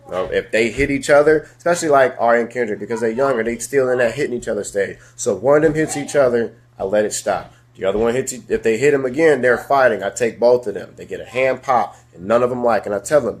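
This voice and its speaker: Animated man hosting a live talk. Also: fast. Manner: animated, swings from loud to low, speaks to viewers. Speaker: host of a live discussion show. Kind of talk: casual live-stream talk.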